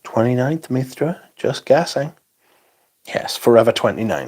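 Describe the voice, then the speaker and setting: A man of about forty hosts a laid-back livestream, speaking slowly and unhurriedly. His voice sits on the low side as he rambles through viewer comments, swearing now and then. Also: darkish tone. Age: 40s. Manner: chatty, rambling, swears casually. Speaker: fragrance livestream host. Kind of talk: casual livestream chat reading viewer comments.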